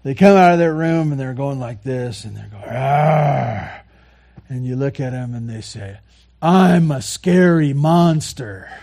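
A man preaching a sermon, earnestly repeating key phrases and moving between quiet, soft lines and louder passages. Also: medium pitch, fairly quick, hardly any pauses. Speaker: pastor.

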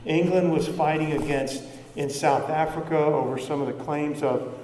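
A man's voice: a little high, steady tone, normal speed, darkish tone, a little hiss or hum. A man preaching a conversational sermon as pastor, asking the congregation rhetorical questions. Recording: echoey hall from far off.

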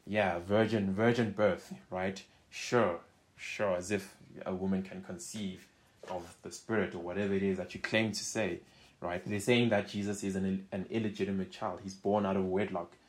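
Man, Bible study teacher, slightly low voice, reads scripture with emphasis, conversational. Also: little pitch movement, brisk. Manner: conversational, keeps checking in with "right?".

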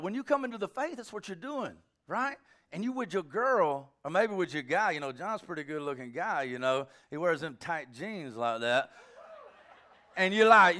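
A man's voice: high voice, a bit bright. A man preaching a sermon in a loose, joking, conversational way, teasing his congregation between points. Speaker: pastor.

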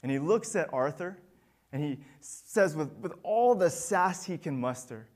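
A man's voice: fairly high pitch, animated, normal speed, darkish tone. A man preaching a sermon as pastor, earnest and building to emphatic peaks.

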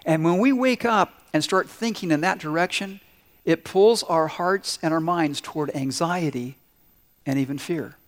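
A man's voice: a little high, unhurried, big-room sound. A male pastor preaching a sermon, telling stories with acted-out quotes and putting questions to the congregation.

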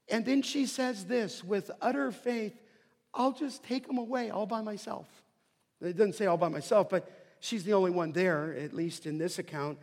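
A man preaching a sermon, swinging from hushed asides to emphatic, rising lines. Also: sits high, moderate pace. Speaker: pastor. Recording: long hall reverb.

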